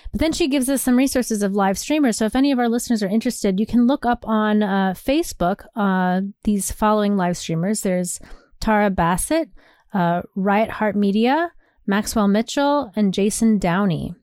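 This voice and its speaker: A woman's voice: medium pitch, moderate pace, a little mellow, dry recording, clean studio sound. A woman hosting a podcast in casual chat, talking loosely with fillers and reading listener emails aloud. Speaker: podcast host.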